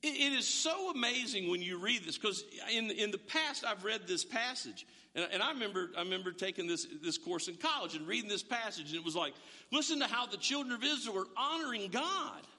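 A middle-aged man preaching a sermon in a lively, conversational way, often restarting his sentences. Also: sits high, brisk. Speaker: pastor. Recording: reverberant church hall.

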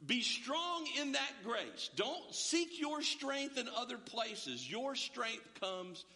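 A man's voice: very high-pitched, big pitch swings, slow, bright, forceful tone. A man in his fifties preaching a sermon in a church hall, in a conversational way that often repeats words as he starts a sentence. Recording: long hall reverb.

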